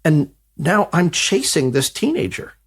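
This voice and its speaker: A man on a podcast telling a personal anecdote, animated and self-mocking. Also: a little high, unhurried, breathy edge. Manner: animated, self-mocking retelling that acts out quoted dialogue. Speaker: podcast co-host. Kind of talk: storytelling anecdote.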